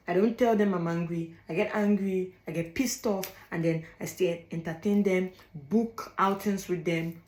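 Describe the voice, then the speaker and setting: A woman's voice: mid-range voice, echoey room, low-quality recording. A young African woman giving blunt advice in a casual monologue, stressing her points by repeating phrases. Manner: emphatic, repeats phrases, laughs between points. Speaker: vlogger.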